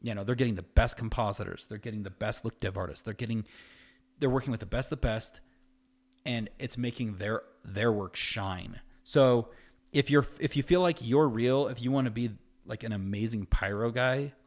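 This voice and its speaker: A man hosting a live stream, talking casually in an animated, rambling way, his voice jumping up whenever he quotes someone. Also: medium pitch, moderate pace. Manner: animated and rambling, voice jumps up when quoting others. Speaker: host of a live effects-art stream. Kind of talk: casual livestream talk.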